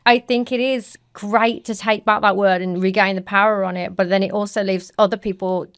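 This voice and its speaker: A woman's voice: medium pitch, a little fast, clear, resonant tone, dry recording. Blunt British woman host, dry close mic. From Britain. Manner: blunt, animated, acts out quotes. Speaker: podcast host and fashion stylist. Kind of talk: casual podcast chat.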